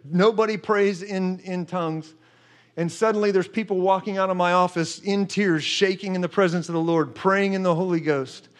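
A middle-aged man telling an animated faith testimony, excitable and emphatic, acting out what people said. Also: high voice, normal speed. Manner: excitable, emphatic, acts out quotes with gasps and laughs.

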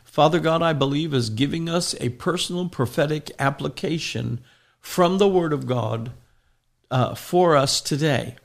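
A man's voice: on the high side, a little slow, creaky. A man preaching a sermon, reading scripture aloud and explaining it line by line, now and then telling a joke with a small laugh. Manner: tells jokes with small laughs.

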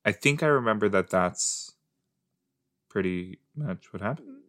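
A man chats casually as a podcast host. He rambles playfully and mocks himself. His pitch moves a lot, and he takes his time. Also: animated, measured pace, fairly bright tone. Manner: playful, rambling, self-mocking. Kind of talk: casual rewatch commentary.

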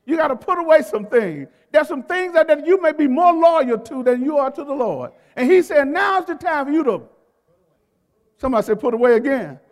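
Very high-voiced male preacher in a reverberant hall. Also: expressive. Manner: call-and-response preaching, urging the congregation to repeat words; emphatic, drawn-out stresses on key phrases. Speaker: pastor. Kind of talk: sermon. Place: church sanctuary. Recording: long reverb of a large hall.

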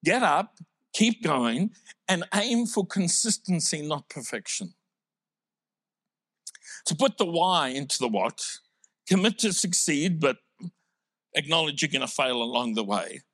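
A man's voice: fairly high pitch, expressive, measured pace, pauses often, a bit bright, no echo, clean studio sound. A man from South Africa with a South African accent, preaching a sermon in a conversational, humorous way. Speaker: pastor.

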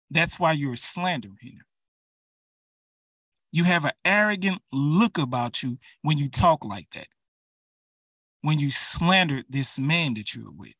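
A man's voice: a little high, sharp tone, dry recording, recorded from a distance. A man preaching an urgent, emphatic sermon, speaking straight to his listeners.

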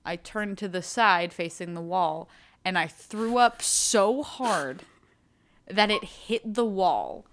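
A young woman co-hosts a podcast, telling stories in a rambling, casual chat full of fillers. She has a medium-pitched voice and speaks slowly. A little hiss or hum is audible in the recording.

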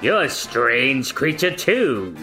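A man narrating a manga read-through at a slow, halting pace. His voice is bright and lively in pitch, and he stops often to find his place. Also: soft background music. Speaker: podcast co-host.

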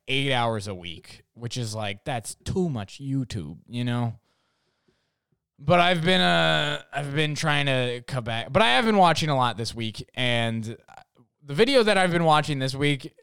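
A man's voice: mid-range voice, fairly bright tone, clear, resonant tone, dry recording, studio quality. A young man from North Dakota hosting a casual comedic monologue, rambling with lots of "like" fillers and acting out quotes. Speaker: podcast host.

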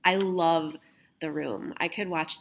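A woman's voice: low voice, steady tone, slow, gravelly. A young adult woman hosting a podcast, telling stories in casual chat, laughing often and swearing casually. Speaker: podcast host.

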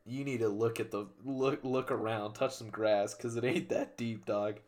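A man's voice: medium pitch, steady tone, normal speed, darkish tone. Young man, podcast co-host, casual chat, laid-back, slangy.

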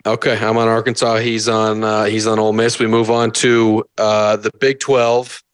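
A man's voice: lowish voice, little pitch movement, moderate pace, clean tone, no echo. A man hosting a sports betting show, giving his picks and moving through the games in an easygoing way. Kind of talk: casual sports betting chat.

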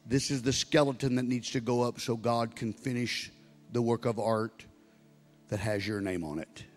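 A man in his sixties, a pastor preaching a sermon and building to loud exhortation. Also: mid-range voice, steady tone, normal speed. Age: 60s. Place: church sanctuary. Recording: long reverb of a large hall with music.

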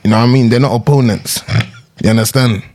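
A man's voice: mid-range voice, fairly even intonation, fast, a little mellow. A young man from England with a British accent, a comedian guest chatting casually in slangy, laid-back talk and laughing often. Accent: British English. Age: young adult. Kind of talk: casual chat.

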